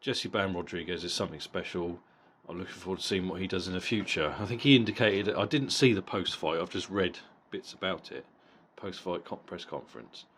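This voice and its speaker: A middle-aged boxing vlogger gives a blunt, casual review of a fight, swearing freely and often repeating words as he goes. His low voice is a bit bright and a little fast, with hardly any pauses, over slight background noise.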